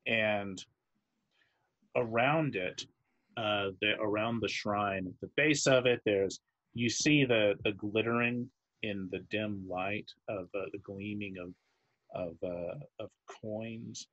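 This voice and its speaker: Brief: male dungeon master, slow drawl, halting scene narration, dry close sound. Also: lowish voice, fairly bright tone, no echo, highs cut off. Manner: halting, searching for words while describing. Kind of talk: narrating a tabletop game.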